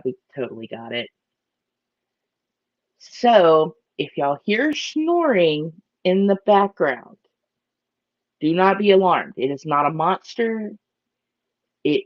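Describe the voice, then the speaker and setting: A woman's voice: deep voice, no echo, highs cut off. Bubbly woman streaming about fish. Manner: chatty, bubbly, greets viewers by name. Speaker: aquarium live-stream host. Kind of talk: casual live-stream chat.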